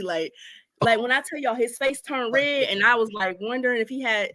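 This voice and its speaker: A woman from Ohio telling a story on a casual podcast, animated and laughing as she goes. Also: a little high, normal speed, no echo. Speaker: podcast co-host.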